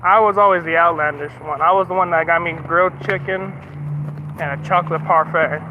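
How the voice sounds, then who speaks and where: A man's voice: fairly high pitch, steady tone, a little fast, background noise. A man from the United States in casual livestream chat, swearing freely as he rants and then apologizes. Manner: profane, ranting and then apologetic. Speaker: streamer. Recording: slightly muffled stream audio.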